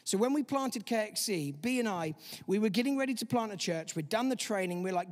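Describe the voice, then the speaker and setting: A man preaches with a high, light voice, acting out imagined inner voices as he teaches. The sound carries a long reverb from a large hall. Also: animated, a little fast. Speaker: pastor. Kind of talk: sermon.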